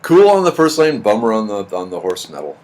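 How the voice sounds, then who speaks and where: A man's voice: lowish voice, huge pitch swings, fairly quick, darkish tone. A middle-aged man hosting a livestream, chatting casually and answering viewers' comments in a rambling, repetitive way. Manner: chatty, rambling, repeats words. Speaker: livestream host reading chat. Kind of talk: casual chat.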